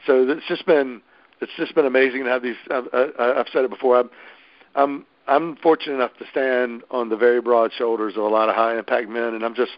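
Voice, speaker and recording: A local event host and organizer chats casually and enthusiastically on a podcast, with many restarts. His medium-pitched voice is steady and a little fast, on a dry, dull-sounding recording.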